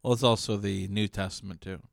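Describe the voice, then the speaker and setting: A man with a fairly low voice co-hosts a casual podcast. He drops in wry, joking asides. The mic sound is dry and close. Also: fairly even intonation, a little fast, gravelly, no echo. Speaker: podcast co-host. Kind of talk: casual chat.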